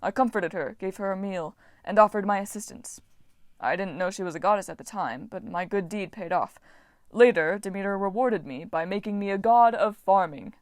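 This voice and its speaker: A woman's voice: medium pitch, moderate pace, no echo, clean studio sound, natural voice. A woman doing a chatty, eccentric god of farming. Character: eccentric male farming god, cheerful and self-absorbed.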